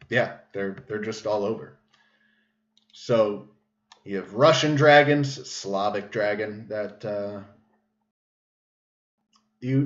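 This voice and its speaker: A medium-pitched man, the show host, delivers a casual livestream monologue. He rambles, full of fillers and restarts, and the echoey room makes the sound dull and lo-fi.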